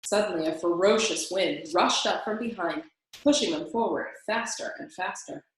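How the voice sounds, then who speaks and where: A woman's voice: on the low side, normal speed. Woman reading a storybook in an echoey room. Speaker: children's story reader. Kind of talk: storybook read-aloud narration.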